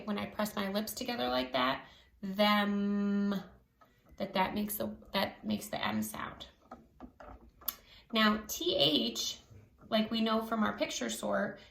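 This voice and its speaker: A woman teacher giving a slow phonics lesson to children, stretching out each sound clearly. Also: medium pitch, fairly bright tone. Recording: echoey room.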